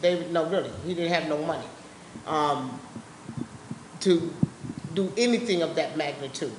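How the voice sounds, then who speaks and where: Speaking at normal speed in a low-sitting voice, a woman offers personal testimony to a public forum. She is colloquial, blunt and impassioned, captured in a roomy meeting-room recording with faint noise behind her.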